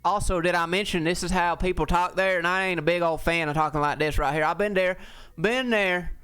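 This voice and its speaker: A man's voice: sits high, fairly even intonation, brisk, fairly bright tone, clear, resonant tone, faint music behind, pitched above the performer's own voice. A man putting on an exaggerated rural Southern US accent, mocking a drawling country man whose words run together.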